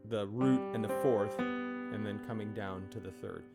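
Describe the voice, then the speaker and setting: A man's voice: lowish voice, unhurried, creaky. Man teaching piano, counting beats aloud. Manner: relaxed, with many fillers and check-ins. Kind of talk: casual instruction. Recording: loud piano alongside the voice. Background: piano playing.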